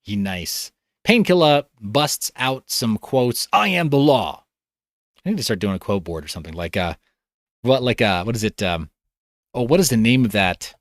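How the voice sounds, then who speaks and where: A man's voice: on the low side, expressive, moderate pace, no room sound, clean studio sound. A man hosting a livestream, reading comments in a loose, rambling way with a tired voice. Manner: rambling, loose, self-interrupting. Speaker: livestream host.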